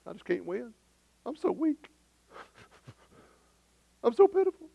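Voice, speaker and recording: A man's voice: very high-pitched, big pitch swings, slow pace, vocal fry, breathy edge, dry recording, highs cut off, pitched above the performer's own voice, full character voice. A preacher putting on the voice of a self-pitying, defeated man who whimpers about being weak. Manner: whimpering, mock-pathetic.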